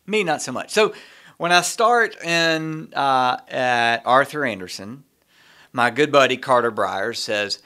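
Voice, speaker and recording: A middle-aged man co-hosting a podcast, telling an animated story in a casual way and laughing often. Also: mid-range voice, slow. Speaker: podcast co-host.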